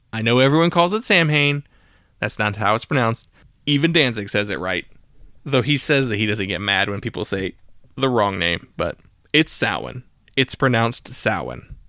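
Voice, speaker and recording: A man's voice: mid-range voice, fairly bright tone, smooth, no room sound. A man talks through a music podcast in a loose, casual way, full of fillers and side comments. His voice sits in a middle range. The recording is dry and close, with no room sound. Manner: casual, rambling with frequent fillers. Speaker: podcast host. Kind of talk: solo music podcast monologue.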